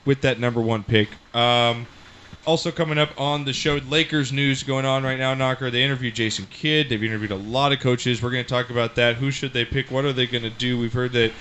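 A young man hosts a live sports talk show in a loose, rambling way, swearing as he goes. His voice is bright and forceful. A faint noise sits under it. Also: medium pitch, steady tone, a little fast. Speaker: podcast host.

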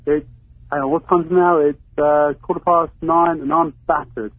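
A man's voice: a little high, steady tone, normal speed, heavy background noise. A man from England with an English accent, calling into a radio show, blunt and swearing freely. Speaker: caller. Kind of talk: casual phone call. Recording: tinny phone line.

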